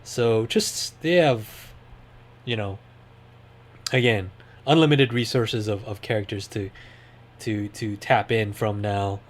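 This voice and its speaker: A man's voice: fairly low pitch, slow, long pauses. A man hosting a podcast, talking in a rambling, enthusiastic way with lots of fillers. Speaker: podcast host. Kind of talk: casual chat.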